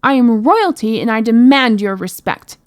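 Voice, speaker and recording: A woman voicing a bratty, loud young princess who shouts haughtily and demands respect. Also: medium pitch, little pitch movement, normal speed, close to an everyday voice. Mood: indignant.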